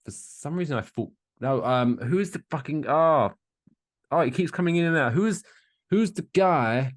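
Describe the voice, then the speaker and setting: A young man co-hosting a podcast in casual chat, rambling, restarting often and dropping into quiet asides. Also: on the high side, lively intonation, moderate pace. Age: young adult. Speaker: podcast co-host.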